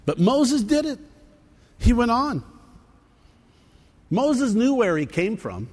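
A man preaching in a church with a high, lively voice that swoops up and down. He speaks slowly and acts out the lines of scripture. His voice rings through a hall with a long echo. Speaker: pastor. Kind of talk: sermon.

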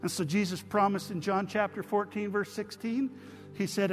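A man's voice: high voice, steady tone, normal speed, faint music behind. A pastor preaching to his congregation, telling stories in a conversational way and then leading a prayer. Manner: storytelling, conversational, addresses congregation directly. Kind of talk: sermon with prayer. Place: church sanctuary.

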